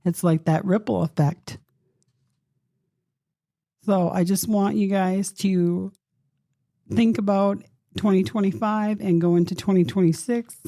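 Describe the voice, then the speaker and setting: Gravelly-voiced woman in her fifties. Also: mid-range voice, steady tone, unhurried, long pauses, warm tone, no echo, clean studio sound. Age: 50s. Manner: earnest, encouraging, speaks straight to listeners; open and emotional, thinking aloud. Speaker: podcast host. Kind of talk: reflective solo podcast talk.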